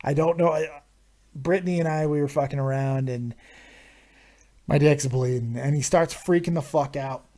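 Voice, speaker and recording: A man hosting a live stream, telling a crude story in a casual, animated way with constant swearing. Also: a little high, normal speed, long pauses. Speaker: host of a live viewer Q&A stream.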